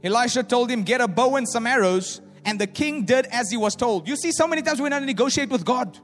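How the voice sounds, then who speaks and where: A man preaching a sermon in a large hall, animated, acting out the voices of doubters and swinging from loud declarations to hushed asides. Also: very high voice, fairly quick, hardly any pauses. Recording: echoey hall with faint music.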